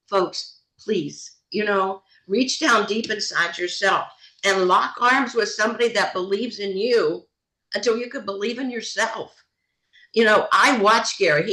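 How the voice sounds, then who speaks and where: A woman's voice: medium pitch, low-quality recording. Emphatic woman leading a motivational call. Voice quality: animated, emphatic, repeats phrases. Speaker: team leader hosting a call. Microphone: video call.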